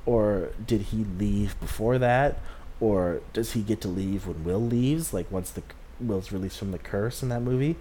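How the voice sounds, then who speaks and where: Rambling young man with a mellow, low voice. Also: moderate pace, slight background noise. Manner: rambling and chatty, with frequent filler words and chuckles. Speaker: movie reviewer. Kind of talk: casual spoken movie recap.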